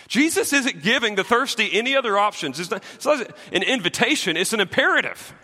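A pastor preaches in a high, lively voice that climbs and drops sharply between loud and hushed. His tone is bright and forceful, with jokey asides. The sound carries a long reverb from the church hall. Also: a little fast, hardly any pauses, slightly rough. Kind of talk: sermon.

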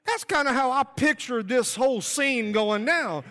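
A man's voice: extremely high pitch, lively intonation, measured pace, fairly bright tone. A man preaching a revival sermon in a church, fervent and emphatic, repeating his points. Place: church sanctuary. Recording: long hall reverb.

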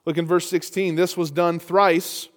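A man's voice: a little high, level tone, measured pace. A man preaching a sermon, reading scripture aloud and rising to emphatic peaks. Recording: long hall reverb.

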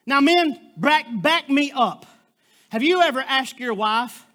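A man's voice: extremely high pitch, lively intonation, takes it slowly, bright, forceful tone. A man preaching a sermon as a guest preacher, fervent and exclamatory, with frequent interjections.

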